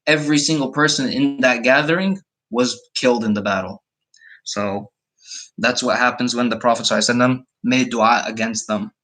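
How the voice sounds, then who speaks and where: A man's voice: mid-range voice, sharp tone, poor audio. A young man teaching a live-streamed Islamic story lesson, telling it vividly and speaking to online viewers. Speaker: mosque teacher.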